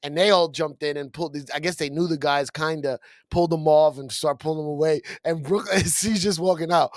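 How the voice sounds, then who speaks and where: Animated storytelling man, dry close mic. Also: on the high side, a little fast, no echo. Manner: animated storyteller who acts out quotes, laughs often. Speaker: podcast co-host. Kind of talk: casual storytelling chat. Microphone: studio podcast mic.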